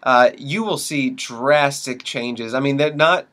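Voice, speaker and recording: A man's voice: medium pitch, slow, a bit bright. A young man co-hosting a podcast, chatting casually, joking and swearing as he riffs. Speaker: podcast co-host. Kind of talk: casual chat.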